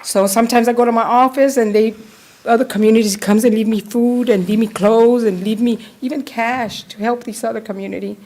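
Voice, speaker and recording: A woman giving an emotional public comment at a city council meeting, speaking with a heartfelt, halting delivery. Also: a little high, steady tone, a little mellow. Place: council chamber.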